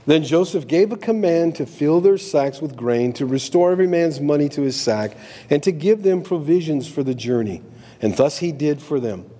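Middle-aged man, pastor, mellow sermon voice, conversational, does quoted voices with wild pitch jumps, long hall reverb. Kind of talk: sermon with scripture reading.

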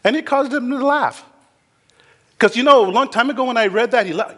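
A man preaching a sermon as pastor, animated, acting out scripture figures with laughter. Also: high-pitched, normal speed, big-room sound.

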